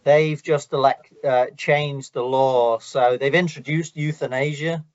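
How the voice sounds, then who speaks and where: Halting man hosting a casual chat. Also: medium pitch, steady tone, muffled recording. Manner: halting, repeats words, restarts often. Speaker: host.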